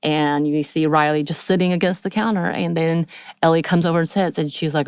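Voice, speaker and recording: A woman's voice: low-pitched, brisk, clean tone, no echo, clean studio sound. A woman co-hosting a podcast, recapping a TV episode in casual chat and acting out the characters' lines as she goes. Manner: lively storytelling, acts out characters' lines. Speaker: podcast co-host.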